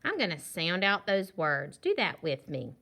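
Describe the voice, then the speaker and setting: A woman's voice: lowish voice, very animated, bright, forceful tone. A woman teaching young children a phonics lesson for a virtual class, patiently sounding out short words and praising them. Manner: slow, drawn-out sounding out of words. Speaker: kindergarten teacher.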